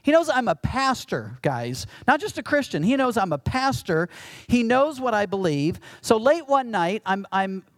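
A man's voice: high voice, big pitch swings, moderate pace. A middle-aged male pastor giving a conversational sermon with self-deprecating humor.

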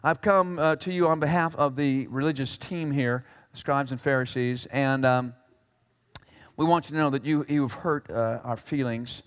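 A man's voice: medium pitch, moderate pace, pitched below the performer's own voice, natural voice. A preacher voicing a self-important male scribe with wounded pride, who hems and haws with lots of uh and um. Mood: aggrieved. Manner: hesitant, full of uh and um, aggrieved. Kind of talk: acted sermon illustration.

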